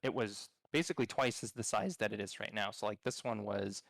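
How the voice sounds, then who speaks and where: A man developing a game, calmly explaining his design choices in a loose, rambling way during a casual live stream. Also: fairly low pitch, fairly quick, vocal fry, dry recording, studio quality. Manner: thoughtful, explaining, rambling with restarts.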